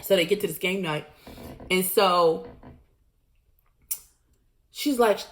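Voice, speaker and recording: A woman vlogger recapping a show in a blunt, animated, slangy storytelling manner. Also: fairly low pitch, slow, long pauses. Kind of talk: casual recap monologue.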